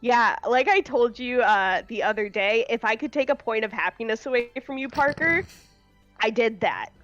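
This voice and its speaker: A woman running a tabletop game as game master, narrating in an unhurried way with frequent fillers and laughs. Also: a little high, fairly bright tone, muffled recording, soft background music.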